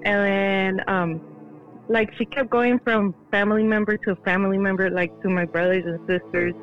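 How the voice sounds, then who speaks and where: A woman's voice: mid-range voice, steady tone, normal speed, dull audio, soft background music. A woman guest on a podcast telling a story in casual chat, full of "like" fillers. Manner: chatty, heavy use of "like" fillers.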